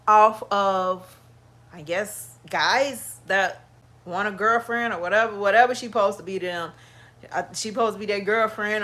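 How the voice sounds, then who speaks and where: A woman, chatting bluntly and profanely to her viewers in a casual livestream. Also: mid-range voice. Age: 50s. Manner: blunt, animated and profane, talks straight to viewers. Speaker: makeup vlogger.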